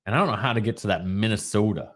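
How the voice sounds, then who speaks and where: A podcast co-host from Florida talks very fast in a lowish voice on a casual live show over drinks. He's playful and loves trying out silly regional accents.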